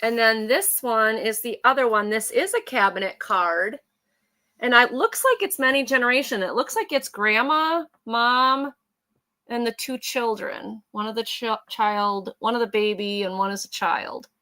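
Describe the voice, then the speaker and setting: Bright-voiced woman hosting a live sale. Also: a little high, measured pace. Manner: chatty, describing items as she goes. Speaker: host selling vintage photos. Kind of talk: casual live sale chat.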